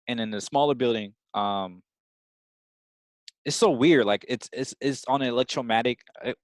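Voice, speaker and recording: A man hosting a podcast, talking in a rambling, excited and slangy casual way. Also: medium pitch, dry recording. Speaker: podcast host. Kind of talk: casual chat.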